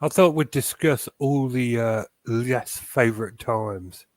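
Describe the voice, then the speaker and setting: A man's voice: medium pitch, slow, no room sound. A man co-hosting a podcast in casual chat, making blunt, matter-of-fact remarks. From Northern Ireland. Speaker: podcast co-host.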